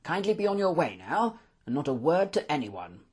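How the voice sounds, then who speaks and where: A gruff, commanding old lord , as an audiobook narrator puts him on speaks with firm authority. His husky voice rises and falls across a lively range as he lays out his orders. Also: fairly high pitch, moderate pace, pitched above the performer's own voice. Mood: stern. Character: stern elderly male lordship, commanding.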